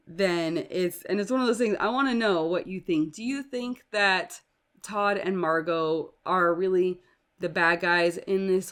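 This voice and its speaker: Brief: woman podcast host with a lower voice, casual and chatty, who slips into quoted movie lines. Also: fairly bright tone. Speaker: parent. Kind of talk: casual chat.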